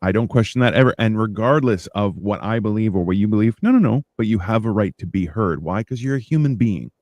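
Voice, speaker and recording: Un uomo che conduce un podcast di chiacchiere informali, racconta storie animate e imita i dialoghi con voce più acuta. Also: male voice, quick pace, no room sound. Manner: animated storyteller, acts out exchanges in a higher voice. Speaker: podcast host. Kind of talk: casual chat.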